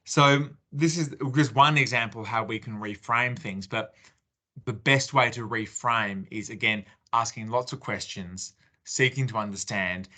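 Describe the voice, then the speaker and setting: An Australian man talks through parenting advice in a loose, conversational webinar style, often acting out what he says to his kids. His voice sits at an average pitch for a man and has a bright, clear edge. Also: measured pace. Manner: conversational, acts out parent-child exchanges with many fillers and restarts. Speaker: parenting speaker. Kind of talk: webinar talk.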